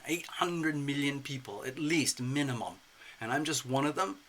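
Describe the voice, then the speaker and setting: A man giving a casual spoken tarot reading in an expressive, playful way, slipping into acted asides. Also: mid-range voice, normal speed. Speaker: tarot reader.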